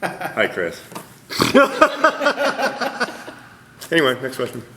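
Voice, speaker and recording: A man being interviewed as a voice actor at a press roundtable, talking in an animated, self-deprecating way with frequent laughter. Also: on the high side, very slow, crowd noise. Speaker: voice actor guest. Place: convention press room.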